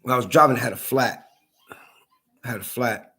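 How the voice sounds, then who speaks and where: A man's voice: mid-range voice, brisk, pushed and bright. A man in an angry, heated rant to camera, swearing a lot and repeating himself. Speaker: vlogger.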